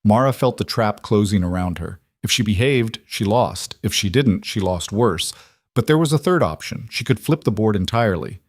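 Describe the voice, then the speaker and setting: A man giving scripted, measured, dramatic narration of a story. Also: fairly low pitch, lively intonation, no echo.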